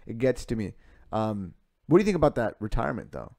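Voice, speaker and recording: A man co-hosting a casual sports podcast, who talks excitably and swears a lot. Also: on the low side, quick pace, vocal fry. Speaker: podcast co-host.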